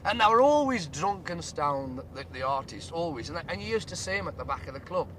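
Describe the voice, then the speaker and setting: A young band member tells stories in a chatty, laughing way, his voice sitting high. The old radio tape is noisy, with the rumble of a moving vehicle under him. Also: animated, a little fast, a bit bright. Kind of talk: casual anecdote chat.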